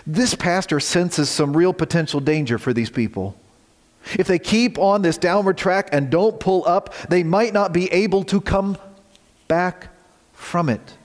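A man delivers a sermon from the pulpit, his voice sitting a little high. He drops to quiet, weighty phrases and climbs to urgent shouts. A long reverb from a large church sanctuary trails each line. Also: measured pace. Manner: dramatic swings from quiet to shouted warnings. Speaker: pastor.

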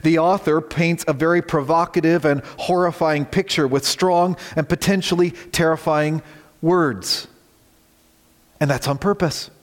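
A man preaching a sermon as pastor, swinging from quiet, low lines to shouted warnings. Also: steady tone, a little slow. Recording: long reverb of a large hall.

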